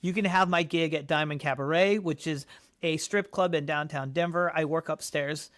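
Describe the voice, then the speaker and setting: Podcast guest, male, higher voice, animated storyteller who acts out quotes. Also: normal speed. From Colorado, United States. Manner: animated, acts out quotes with big pitch jumps. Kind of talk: casual storytelling interview.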